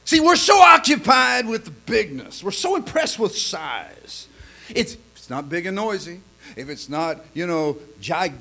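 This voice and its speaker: A man preaching in a folksy, joke-telling sermon style, stammering and repeating himself, swinging from quiet asides to loud punchlines. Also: sits high, very animated, measured pace, gravelly. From lives in Oklahoma.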